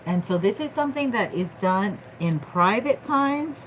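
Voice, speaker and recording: A woman's voice: mid-range voice, lively intonation, normal speed, a little hiss or hum, rough recording. A woman doing a casual tarot reading vlog, playful and slangy, joking with her viewers. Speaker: tarot reader.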